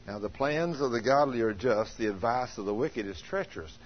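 A man pastor giving a folksy, story-filled sermon, animated and acting out the people he quotes, now and then breaking into a shout. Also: medium pitch, fairly quick, slight background noise. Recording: dull lo-fi recording.

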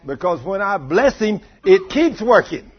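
A man's voice: high voice, big pitch swings, a little slow, breathy edge. A man preaching a folksy, conversational sermon and acting out the voices he quotes. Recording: muffled lo-fi recording.

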